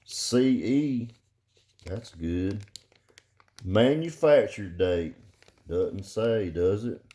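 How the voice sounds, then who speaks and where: Rambling, profane man chatting casually. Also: fairly low pitch. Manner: rambling, profane, loud and jokey. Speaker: vlogger reviewing car audio gear. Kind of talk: casual unboxing chat.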